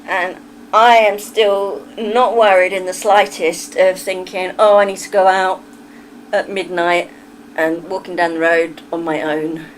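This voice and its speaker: Speaking in a lowish, fairly flat voice at an unhurried pace, a middle-aged woman from England with a Kentish accent addresses her livestream chat directly, chatty and full of firm opinions. The low-quality recording has a little hiss or hum.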